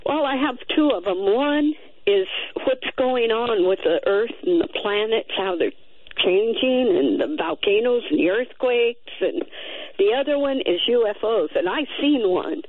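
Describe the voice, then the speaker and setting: A woman calling in to a radio show, telling a story with excited, lively delivery. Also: fairly high pitch, a little slow, no echo. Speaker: caller. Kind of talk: call-in radio chat. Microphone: telephone. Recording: tinny phone line.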